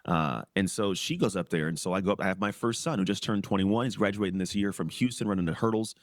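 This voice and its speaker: A man in his forties tells his story quickly in a low voice, jumping into other people's lines as he acts them out. He laughs easily and keeps the story moving. The sound is dry and close, with no room around it. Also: dry recording. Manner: animated, acts out quoted voices, laughs often. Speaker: podcast guest, former pro football player. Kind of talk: storytelling in casual interview.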